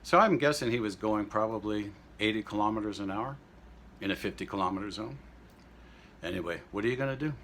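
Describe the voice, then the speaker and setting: A man's voice: on the low side, a little fast, fairly bright tone, slight background noise. A man telling rambling, indignant everyday anecdotes in a casual vlog monologue. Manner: greets the audience in French and German. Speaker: vlogger.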